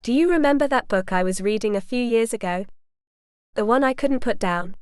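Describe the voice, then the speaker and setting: A charming male filmmaker bubbles over with theatrical enthusiasm, eager to sell his big idea, voiced by a woman narrator. The voice is smooth and clean, sitting a little high, and dry with no room around it. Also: animated, brisk, darkish tone, no echo, lightly acted.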